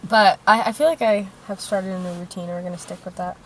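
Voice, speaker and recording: A woman's voice: medium pitch, steady tone, quick pace, a little hiss or hum. Chatty young woman podcasting in a car. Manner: chatty, loose, swears casually, trails off into fillers. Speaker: podcast co-host. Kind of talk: casual chat. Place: inside a parked car.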